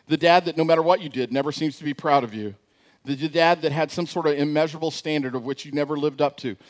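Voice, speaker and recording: Man, pastor, sermon delivery, lively storyteller, goes soft and low when serious. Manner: animated storyteller, climbs loud and high when joking.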